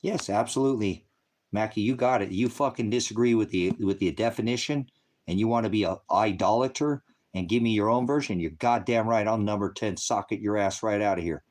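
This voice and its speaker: A man's voice: on the low side, fairly quick, darkish tone. A man hosting a ministry livestream, angrily and profanely berating commenters in his chat while lecturing on scripture. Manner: angry, profane, combative; heckling and lecturing.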